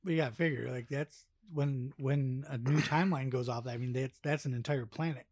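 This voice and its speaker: A man in his thirties riffs crudely with friends, swearing freely and joking around. His voice sits at a middle pitch and is recorded dry and close with little room sound. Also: steady tone, fairly quick, darkish tone, no room sound. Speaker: podcast co-host. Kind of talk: casual chat.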